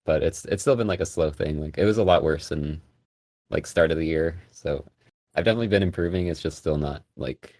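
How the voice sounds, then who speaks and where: A man guesting on a podcast, talking casually in a soft, hesitant way with many fillers. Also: extremely low pitch, fairly quick, no echo. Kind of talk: casual chat.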